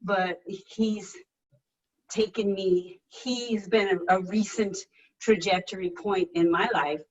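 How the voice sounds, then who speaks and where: A woman talks eagerly on a group video call, tripping over her words as she goes. Her voice sits at a middle pitch and sounds far from the mic, with dull, muffled audio. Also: slow. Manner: chatty, enthusiastic, stammering restarts. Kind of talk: casual chat.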